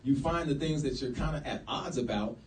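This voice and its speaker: A man's voice: mid-range voice, fairly quick. A man giving a casual lecture to a live audience, slangy and acting out quotes. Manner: animated, acts out quoted speech, slangy. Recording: echoey room, mic far off.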